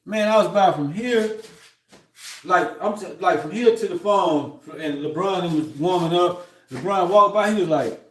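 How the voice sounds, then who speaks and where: A man's voice: sits high, measured pace, reverberant. A man on a livestream telling a long story in a loose, rambling way, often heated and aggrieved, with "you know what I'm saying" between his thoughts. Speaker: livestream host.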